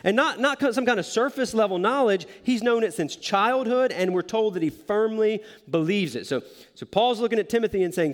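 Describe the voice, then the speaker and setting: A man's voice: high voice, lively intonation, fairly quick, long reverb tail. A man preaching a sermon in a conversational, self-deprecating way, often joking with the congregation. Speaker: pastor.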